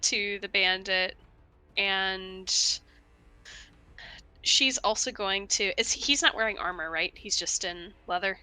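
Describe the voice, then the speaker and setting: A woman player describes what her character does in a tabletop game, stopping often to say "like" and "you know". Her voice is bright, and she takes her time. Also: medium pitch, slow pace, long pauses, clean tone. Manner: hesitant, full of "like" and "you know".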